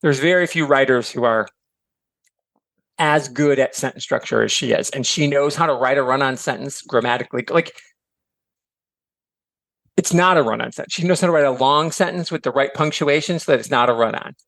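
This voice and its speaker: A middle-aged man from Michigan chatting as a podcast guest, animated and filler-heavy, slipping into voices for quotes. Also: mid-range voice, fairly quick, creaky, dry recording. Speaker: podcast guest, author and educator. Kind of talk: casual chat.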